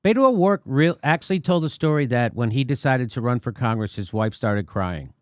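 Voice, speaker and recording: Casting note: male show host, mid-pitched, forceful rhetorical ranting, dry close sound. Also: brisk, no room sound. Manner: emphatic, repeats points, rhetorical questions. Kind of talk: political commentary chat.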